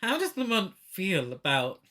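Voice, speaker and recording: Wry, halting podcast co-host. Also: mid-range voice. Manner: halting, restarts, wry and deadpan about the film. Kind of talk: casual chat.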